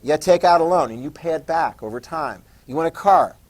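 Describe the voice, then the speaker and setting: Joking teacher with a high voice. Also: male voice, expressive, darkish tone, rough recording. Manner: quick, joking, quizzes the class, acts out quotes. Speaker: history teacher. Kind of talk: classroom lecture. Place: classroom.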